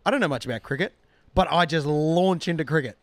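A man's voice: a little high, fast talker, dry recording. A young Australian man co-hosting a casual comedic podcast, telling stories in a dry, wry way. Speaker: podcast co-host.

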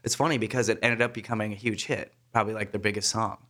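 A man in his thirties co-hosting a casual chat, telling relaxed stories and laughing easily. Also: on the low side, fast.

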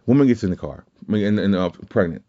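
Low, mellow-voiced man telling stories. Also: lively intonation, fast talker, dull audio. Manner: rambling, profane, self-correcting. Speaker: podcast host. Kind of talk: casual storytelling chat.

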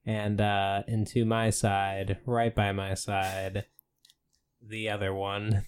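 A man co-hosting a comedy podcast with a low voice. He talks deadpan, building silly bits as if they were serious. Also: takes it slowly, clear, resonant tone. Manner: deadpan, spins absurd bits. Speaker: podcast co-host. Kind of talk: casual comedic chat.

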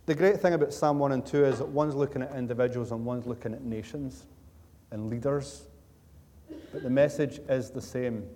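In a church sanctuary, a Scottish preacher speaks at a moderate pace in a warm, mid-range voice, with a little hiss or hum on the recording. He tells stories in a conversational, joking way, repeating for emphasis, under long church-hall reverb.

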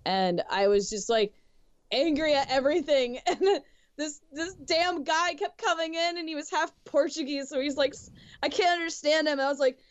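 A woman's voice: high voice, normal speed, no room sound. A woman chatting casually on a podcast, retelling stories with frequent laughter. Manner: laughs often, lively retelling. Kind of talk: casual chat. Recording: dull, dry lo-fi sound.

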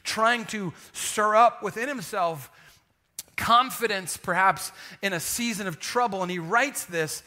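A man preaching a sermon in an animated, humorous way, calling out to the congregation and dropping to a hushed voice to drive points home. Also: high voice, measured pace. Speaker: pastor.

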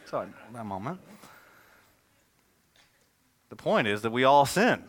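A man, a pastor, preaching a sermon in a conversational, animated way, telling stories and asking rhetorical questions. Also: mid-range voice, a little slow, long pauses.

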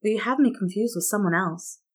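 A woman reading the lines of a polite, guarded grown man who speaks softly. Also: medium pitch, brisk, slightly rough, lightly acted. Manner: soft-spoken and courteous.

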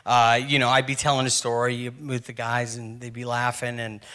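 Bright-voiced man doing stand-up. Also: medium pitch, completely flat delivery, moderate pace, clean tone. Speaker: stand-up comedian. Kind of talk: stand-up storytelling.

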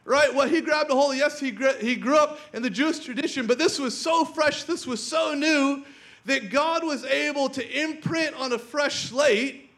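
A preacher with a strikingly high voice, delivering a lively sermon. He tells his story with animated energy, laughs often, and turns to the congregation with questions.

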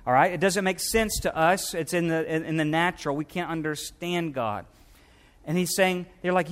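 A middle-aged man from Louisiana preaching a sermon in a fairly high voice. He talks animatedly to his congregation and sinks low and hushed when quoting scripture. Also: normal speed. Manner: animated preaching, dropping low and soft for quoted words of Jesus. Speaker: pastor.

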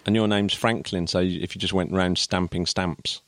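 A man with a very low voice talks through a topic in a loose, chatty way. He restarts his sentences often and breaks into chuckles. The sound is close and dry, with no room around it. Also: fairly even intonation, normal speed, dry recording. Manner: rambling, self-correcting, chuckles often. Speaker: podcast co-host. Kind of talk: casual explanatory chat.

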